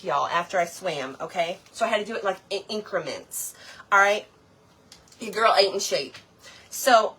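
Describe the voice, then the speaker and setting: A woman, telling a story in a chatty, animated way to her viewers while she does a craft project. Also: medium pitch, breathy edge. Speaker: craft vlogger.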